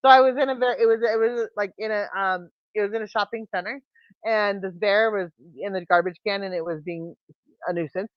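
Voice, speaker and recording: A woman telling a story in casual chat, animated and laughing as she talks. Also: mid-range voice, brisk, no echo. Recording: dull lo-fi sound.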